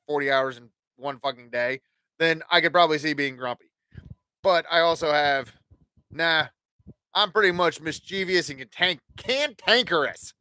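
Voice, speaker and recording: A man with a high, bright voice talks loosely on his livestream show, swearing freely and jumping between voices for the people in his stories. The sound is dry and close, with no room around it. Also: smooth, no echo. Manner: profane, rambling, acts out dialogue. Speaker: podcast host. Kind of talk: casual livestream chat.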